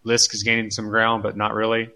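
A man's voice: lowish voice, monotone, fairly quick, vocal fry, bright, forceful tone. A man co-hosting a podcast who talks casually, thinking aloud and often repeating his words. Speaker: podcast co-host. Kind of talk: casual chat.

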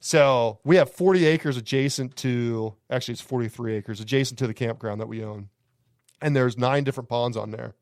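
A man's voice: medium pitch, dry recording, clean studio sound. A man, a campground owner, telling rambling, profane stories on a podcast. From Alabama. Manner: rambling, profane, laughing anecdotes. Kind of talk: casual podcast storytelling.

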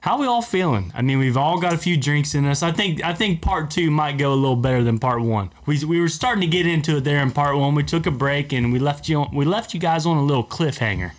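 A man's voice: fairly high pitch, animated, fast talker, hardly any pauses. A man hosting a casual podcast chat around a table with friends, upbeat, laughing often and tripping over names. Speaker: podcast host.

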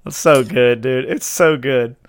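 A man in his thirties, hosting a podcast, chatting excitedly and rambling with frequent laughter. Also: mid-range voice, unhurried, clean tone, no echo, clean studio sound. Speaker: podcast host. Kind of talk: casual chat.

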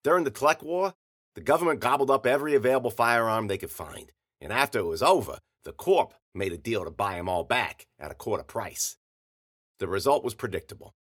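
A man's voice: medium pitch, lively intonation, a little fast, fairly bright tone. Wry hard-boiled male narrator. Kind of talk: first-person story narration.

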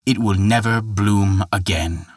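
A man's voice: lowish voice, measured pace, no echo, studio quality. A man voicing an ancient, stern little forest spirit made of glass. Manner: stern, thundering.

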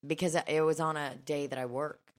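Fast-talking low-voiced woman. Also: steady tone. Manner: fast-talking, laughs often, swears casually. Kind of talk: casual comedic chat.

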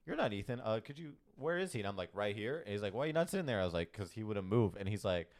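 A man's voice: on the low side, big pitch swings, fast talker. A young man on a casual podcast, telling a story with lots of laughs, swearing and quoted dialogue. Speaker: podcast co-host.

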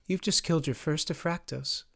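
A man voicing a sharp-tongued teenage girl in a fantasy audiobook, speaking in a huffy, sardonic way. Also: on the high side, moderate pace, vocal fry. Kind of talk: audiobook character voice.

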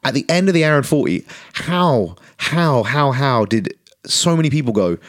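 Man, podcast co-host, casual chat, jokey, very lively pitch. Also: moderate pace, few pauses. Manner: animated, jokey, acts out quotes.

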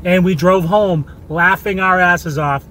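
A man's voice: high-pitched, steady tone, unhurried, sharp tone, a little hiss or hum. A man telling a crude, rambling story in a casual, profane way, full of fillers. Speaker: listener sending a voice message.

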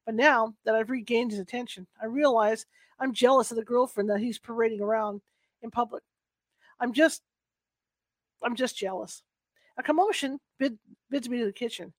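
Female reader, higher register, soft unhurried delivery, dry close recording. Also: steady tone, dry recording. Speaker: book reader. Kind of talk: first-person novel reading.

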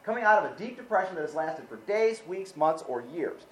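Male pastor, middle-aged, preaching, animated storytelling, swings from quiet to loud. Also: high-pitched, a little fast, poor audio. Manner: animated storytelling preacher, acts out his own inner dialogue. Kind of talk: sermon.

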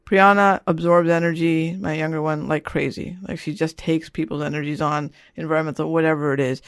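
A woman's voice: sits low, fairly even intonation, fairly quick, no echo, studio quality. A middle-aged woman, an author and parent, talking casually in an interview with a rambling manner that keeps checking in with "you know" and "right?".

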